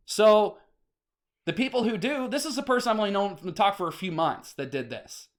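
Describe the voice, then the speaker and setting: Agitated rambling man, higher voice. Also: lively intonation, quick pace. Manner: agitated, rambling, swears often. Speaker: vlogger. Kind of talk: casual ranting monologue.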